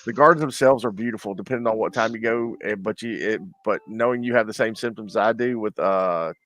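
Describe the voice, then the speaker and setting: A man's voice: lowish voice, brisk, a bit bright. A man with a Southern US accent chatting as a guest, rambling and hesitant with lots of filler sounds. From Mobile, Alabama. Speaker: guest friend. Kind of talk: casual chat.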